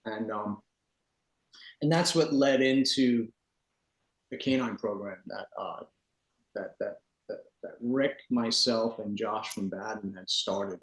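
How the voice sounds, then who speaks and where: A man, a dog trainer, telling a story as a podcast guest in an earnest, rambling way, with many restarts and "man" fillers. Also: on the low side. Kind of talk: casual storytelling. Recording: roomy echo.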